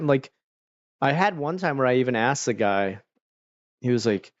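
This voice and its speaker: Casual streamer, man, lowish voice, rambling filler-heavy storytelling, dull dry lo-fi sound. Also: lively intonation, brisk, vocal fry, no room sound. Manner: rambling, loose delivery with many fillers.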